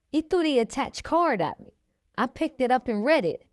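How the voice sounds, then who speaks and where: A woman reading a memoir aloud in the first person, in a steady manner. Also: fairly high pitch, moderate pace, no echo, clean studio sound. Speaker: reader.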